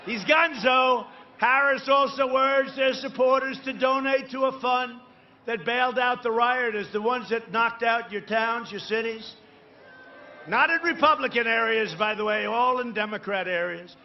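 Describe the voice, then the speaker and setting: Higher-pitched man giving a rambling rally speech. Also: moderate pace, muffled recording, a little hiss or hum. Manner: rambling, repetitive, full of asides and tag questions to the crowd; boastful, emphatic, with sudden loud bursts. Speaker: political candidate addressing a rally crowd.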